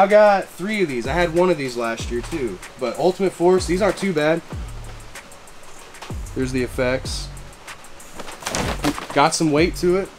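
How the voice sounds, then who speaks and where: A man showing off his gear in a casual vlog, excitable and slangy, repeating catchphrases and whooping. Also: high voice. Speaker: fireworks vlogger. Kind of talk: casual show-and-tell vlog. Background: background music.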